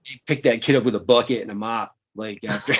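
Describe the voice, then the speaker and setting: A man's voice: lowish voice, steady tone, fairly quick. A man co-hosting a casual movie chat, rambling and profane, often repeating himself. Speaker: podcast co-host.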